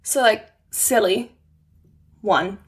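A woman's voice: mid-range voice, takes it slowly. A woman, a giggly, self-deprecating podcast guest in casual chat.

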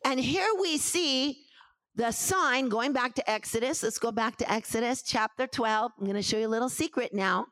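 Woman preacher, high and unhurried, emphatic call-and-response sermon, dry close sound. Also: dry recording. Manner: calls for congregation responses, emphatic repetitions; rises to shouted preaching at climaxes. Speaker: pastor teaching scripture.

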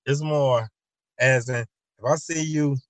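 A man's voice: mid-range voice, fairly even intonation, takes it slowly, no room sound. Rambling comic storyteller, a man, dry sound. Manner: acts out both sides of imagined conversations; loose, repetitive storytelling with many restarts. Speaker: show host.

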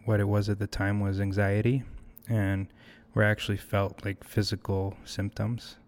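A man's voice: fairly low pitch, level tone, moderate pace, a little mellow. A young man talking as a podcast guest, reflective and hesitant, often restarting his sentences. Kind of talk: casual conversational interview.

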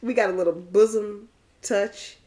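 A woman's voice: medium pitch, fairly even intonation, a little slow, darkish tone. A woman co-hosting a podcast, recapping casually and laughing often. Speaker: podcast co-host. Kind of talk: casual chat.

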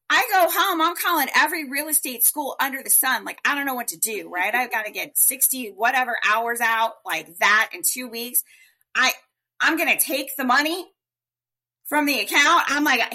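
A woman telling her story as a guest in a podcast interview, chatty and animated, with many fillers. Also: high voice, moderate pace.

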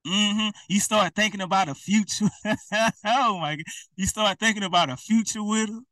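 Preacher, male, direct and repetitive, bright tone, sits back from the mic. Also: high voice, moderate pace, dry recording, distant mic. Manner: colloquial, repetitive, direct address. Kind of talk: informal preaching to camera.

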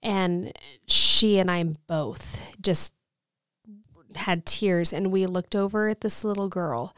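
A woman's voice: lowish voice, slow, fairly bright tone, smooth, no room sound. A woman in her thirties co-hosting a faith podcast, telling a story earnestly and with emotion. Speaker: podcast co-host.

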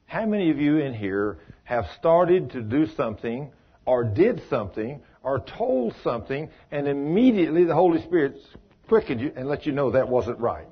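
Folksy husky man teaching. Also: mid-range voice, very animated, moderate pace. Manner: folksy, addresses listeners by name, asks them questions. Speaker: Bible study teacher. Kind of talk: informal Bible study teaching. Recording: dull lo-fi recording.

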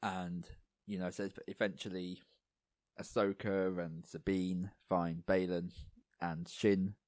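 A man co-hosting a casual podcast chat, rambling with lots of fillers and going a little hoarse. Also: low voice, flat delivery, takes it slowly, darkish tone, no echo. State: losing his voice, coughing. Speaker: podcast co-host.

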